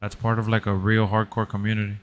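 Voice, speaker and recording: A young man in relaxed casual chat, using slangy speech and saying "bro" a lot. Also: fairly low pitch, fast talker.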